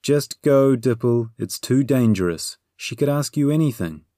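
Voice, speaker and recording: A man's voice: on the high side, moderate pace, darkish tone, no room sound, clean studio sound, pitched above the performer's own voice, natural voice. A man voicing an anxious companion in an audiobook, pleading and worried. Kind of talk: audiobook character voice.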